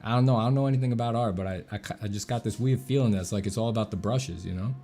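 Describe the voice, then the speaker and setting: A man's voice: lowish voice, very fast, warm tone, soft background music. A man, an artist, chatting casually with viewers while drawing, rambling and joking at his own expense. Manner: joking, rambling, self-mocking. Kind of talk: casual livestream chat.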